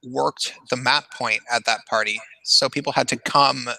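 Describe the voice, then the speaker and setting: A man in his thirties hosting a casual chat, telling a long story in a halting, rambling way with many restarts. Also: medium pitch, fairly even intonation, creaky, bright, forceful tone, no echo, rough recording. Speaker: podcast host.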